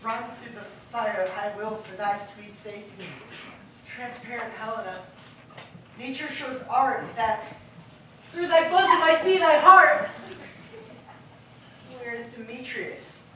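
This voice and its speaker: An impulsive, ardent young man in love, played by an actor, with a bright, forceful voice. He speaks rhyming verse from far back in a very echoey space, with faint noise behind. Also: mid-range voice, takes it slowly, long pauses. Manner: ardent verse with sudden loud outbursts. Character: impulsive young male lover, ardent and rash. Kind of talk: stage play acting. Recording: distant echoey stage recording, noisy.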